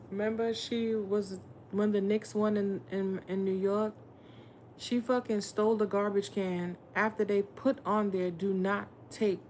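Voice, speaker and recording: A woman's voice: mid-range voice, slight background noise. A woman tarot reader chatting casually with viewers on a livestream, blunt and swearing freely. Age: adult with a son.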